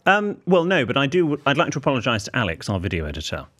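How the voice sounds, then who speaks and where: A man's voice: medium pitch, wildly swooping pitch, quick pace, a bit bright. A man in his thirties co-hosting a casual podcast, a prim, precise storyteller who gets indignant and acts out the people in his anecdotes. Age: 30s. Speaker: podcast co-host, etiquette expert.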